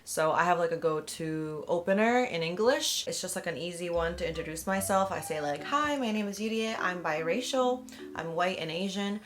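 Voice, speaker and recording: A woman's voice: fairly low pitch, fairly quick, hardly any pauses. A woman stand-up comedian talking casually in an interview, wry and self-deprecating.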